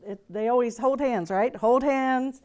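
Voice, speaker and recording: A woman's voice: on the high side, measured pace, darkish tone. A woman reverend giving a casual, humorous talk to a group in a gathering room, chatty and loose, with many fillers and restarts. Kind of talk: casual spoken sermon with humor.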